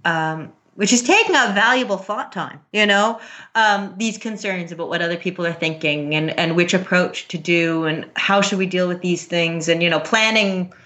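A woman in her thirties in casual conversation about parenting, earnest and quick to laugh, with many restarts. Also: on the low side, pushed and bright. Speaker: parent guest. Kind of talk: casual podcast chat.

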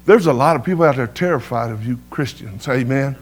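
A middle-aged man tells his sermon testimony a little fast, his medium-pitched voice full of lively intonation. Folksy stories fill his talk, along with frequent "amen"s to the congregation.

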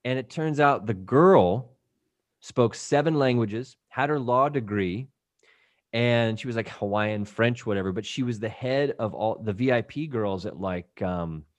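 Man, podcast guest, casual storyteller, swears freely, acts out other people, mid pitch, dry close sound. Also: unhurried, no room sound. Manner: lively anecdote telling, acting out quoted people; frequent swearing.

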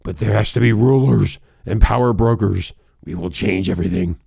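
A man putting on a gloating elite schemer, hushed and low. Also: moderate pace, vocal fry, breathy edge, no room sound, studio quality, exaggerated voice. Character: scheming power-hungry elite ruler, male, smug.

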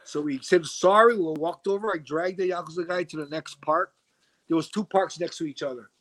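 A middle-aged man telling a story in a casual interview, animated and acting out the voices of the people he quotes. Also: fairly high pitch, a little fast. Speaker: interview guest.

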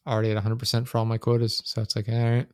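A man's voice: fairly low pitch, completely flat delivery, racing, clear, resonant tone, dry recording. Rambling young man, dry close mic. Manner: rambling, heavy use of "like", swearing. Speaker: podcast host. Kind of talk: casual chat. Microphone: desk microphone.

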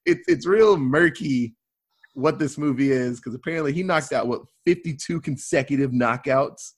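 A man's voice: medium pitch, moderate pace, breathy edge. A man hosting a casual movie podcast, talking loosely and rambling with plenty of fillers and swearing. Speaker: podcast host.

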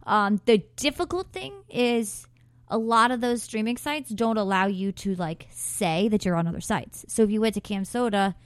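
A woman talks casually as a podcast guest, bubbly and quick to gush, scattering ums and likes as she explains things. Her pitch sits mid-range for a woman. The recording is dry and close, with no room sound. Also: clear, resonant tone, dry recording. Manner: bubbly, gushing, lots of fillers.

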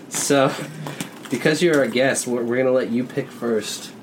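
A man's voice: medium pitch, unhurried, noisy background. A man co-hosting a casual group podcast, playful and teasing. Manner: playful, teasing, laughs loudly. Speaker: podcast co-host.

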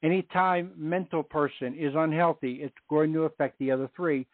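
A man's voice: fairly high pitch, steady tone, moderate pace, no echo. Middle-aged man, earnest faith testimony, repeats himself for emphasis, heard over a phone line. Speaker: guest on a Catholic radio show.

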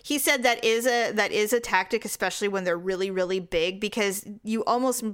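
A woman chatting casually as a podcast co-host, animated, acting out what people said. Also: mid-range voice, smooth. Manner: animated storytelling, acts out quotes. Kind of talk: casual chat.

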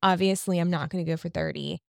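A woman's voice: fairly low pitch, steady tone, fast talker, vocal fry, a little mellow, dry recording, studio quality. A woman co-hosting a casual podcast who asks questions and tells chatty stories. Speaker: podcast co-host.

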